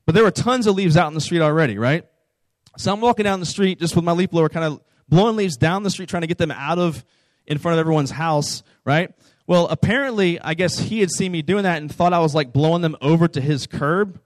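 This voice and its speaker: A young man speaking as a youth pastor, with a voice pitched a little higher than most men's. He tells a story to his youth group in a loose, chatty way and keeps tagging his lines with "right?". The recording is dry and close, with little room sound. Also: no room sound. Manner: storytelling, conversational, frequent "right?".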